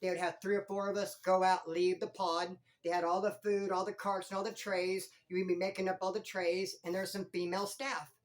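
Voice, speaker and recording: A former prisoner hosting his own channel, telling stories in animated street slang. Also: high voice, a little fast, few pauses. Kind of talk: casual storytelling vlog.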